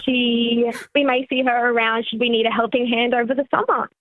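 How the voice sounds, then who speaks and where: A woman's voice: fairly high pitch, fairly even intonation, brisk, no room sound. A woman calling in to a comedy show, chatty and friendly as she explains her story. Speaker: caller. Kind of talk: phone call to a radio show. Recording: tinny phone line.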